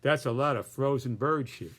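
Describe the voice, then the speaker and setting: A man voicing a cheeky male talking parrot that speaks in choppy broken English, raised a little in pitch and loudness. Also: moderate pace, natural voice. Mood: defiant.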